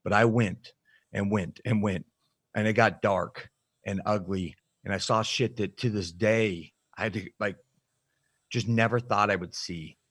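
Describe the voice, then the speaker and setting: A man, a podcast guest, frankly telling his life story in a reflective, halting way with plenty of fillers. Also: fairly low pitch, fairly even intonation, fairly bright tone, slightly rough, no room sound. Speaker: podcast guest, nutrition coach. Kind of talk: candid personal storytelling in an interview.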